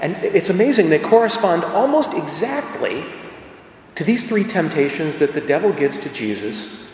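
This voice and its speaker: A man's voice: fairly high pitch, very animated, normal speed, darkish tone. A man giving a sermon as preacher, earnest and conversational, acting out quoted voices as he goes. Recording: echoey church hall.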